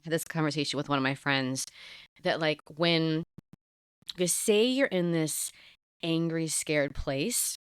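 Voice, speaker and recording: A woman with a notably low voice hosts a podcast conversation and thinks aloud candidly, her sentences full of fillers. The sound is close and dry, with no room echo. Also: slow pace, smooth. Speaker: podcast host.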